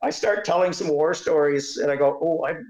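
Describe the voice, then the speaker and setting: An older Canadian man telling animated umpiring stories in an interview, laughing often and acting out voices. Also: fairly high pitch, a little fast, echoey room, low-quality recording. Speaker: guest, retired umpire. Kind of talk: storytelling interview.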